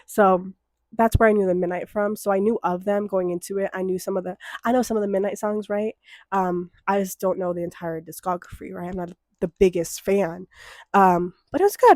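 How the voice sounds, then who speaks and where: Young woman, twenties, casual vlog chat; mid-pitched, swears a lot, mock-outraged rants; dry close sound. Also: fairly even intonation, moderate pace, a little mellow, no room sound. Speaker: vlogger.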